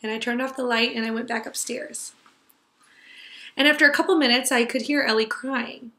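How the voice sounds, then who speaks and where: A young woman telling an earnest personal story to a class, tender and sometimes dropping to a hush. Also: on the high side, fairly even intonation, normal speed, reverberant. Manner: earnest, tender, drops to a hush for quiet moments.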